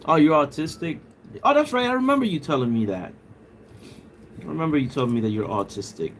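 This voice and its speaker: This man's voice is a little high and a little fast, with big pitch swings and a bald quality, over slight background noise. He hosts a livestream, chatting loosely with viewers, reading their comments, joking, laughing often and mimicking a British accent.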